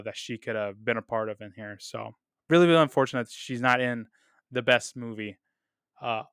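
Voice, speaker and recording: A man hosting a casual solo podcast, full of enthusiasm, with lots of fillers and repeated words, often trailing off quietly at the end of sentences. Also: medium pitch, smooth, no echo, clean studio sound. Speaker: podcast host reviewing films.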